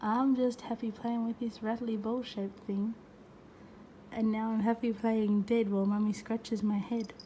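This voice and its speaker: A woman voicing her nonchalant young pet cat's thoughts in a soft, low-key way. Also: little pitch movement, unhurried, a little hiss or hum, close to an everyday voice. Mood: contented. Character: nonchalant young pet cat, content and playful.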